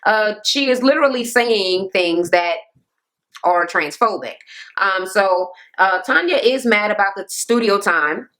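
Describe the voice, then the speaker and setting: A woman giving a loose, animated, profane recap of a reality TV episode, with lots of ums and uhs. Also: mid-range voice, a little slow. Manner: animated, profane, jumps into quoting people. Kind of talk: casual recap commentary.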